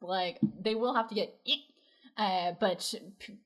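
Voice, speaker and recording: A woman's voice: mid-range voice, unhurried, fairly bright tone. Chatty woman recapping an anime. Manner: chatty, retells scenes with quoted voices, frequent fillers. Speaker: co-host reacting to an anime episode. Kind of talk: casual recap chat.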